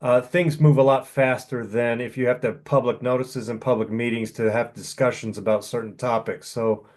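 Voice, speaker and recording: A man of middling pitch lays out his reasoning to a town board in a calm, measured way. He sounds clear and close. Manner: measured, explanatory. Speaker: incoming town administrator. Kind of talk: public meeting discussion.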